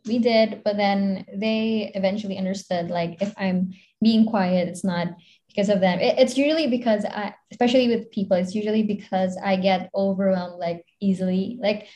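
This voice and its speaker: A woman's voice: medium pitch, steady tone, normal speed, mellow. A young woman with a Filipino accent, a content creator chatting casually as an interview guest, rambling with lots of fillers and giggles.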